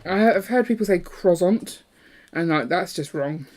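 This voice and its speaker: Fairly low in pitch, this woman speaks quite quickly with lively intonation. She's co-hosting a live building stream, chatting casually and playfully as she builds, jumping between subjects and reading out messages from viewers.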